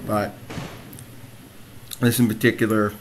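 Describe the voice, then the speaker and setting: A young gamer comments on his own gameplay with frustration and self-mockery, in a low-ish, level voice taken slowly. He's on a desk mic, and the noisy home recording has clicks.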